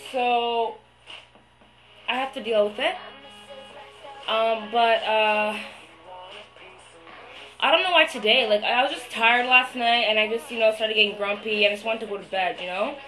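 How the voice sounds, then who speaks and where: A young woman talking to the camera in a video diary, venting her frustration, swearing a lot and pausing often with fillers. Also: medium pitch, bright, forceful tone, rough recording. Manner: hesitant, many fillers. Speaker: vlogger.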